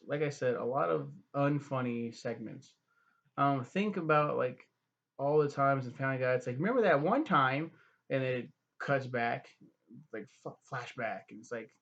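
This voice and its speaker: A man's voice: medium pitch, moderate pace, gravelly, a bit bright, highs cut off. A young man giving a profane, rambling, sarcastic review, full of fillers. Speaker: web series reviewer. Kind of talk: casual ranting review.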